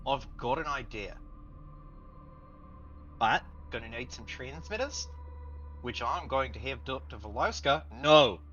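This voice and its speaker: A man's voice: mid-range voice, animated, measured pace, long pauses, a bit bright, faint music behind. A man voicing an anxious, fidgety male scientist who rambles restlessly, on a muffled lo-fi mic.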